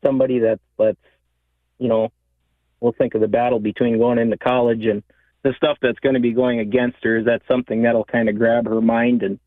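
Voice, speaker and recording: A man calling in to a radio show, speaking hesitantly with many pauses and fillers. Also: medium pitch, level tone, dry recording. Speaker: caller. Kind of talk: phone-in conversation. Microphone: telephone. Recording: tinny phone line.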